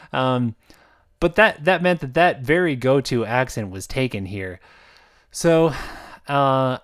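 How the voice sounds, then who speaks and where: A man's voice: medium pitch, no room sound. Chatty man in a dry room. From United States. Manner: rambling and conversational, with frequent fillers and restarts. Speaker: author narrating his own audiobooks. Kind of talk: casual spoken monologue.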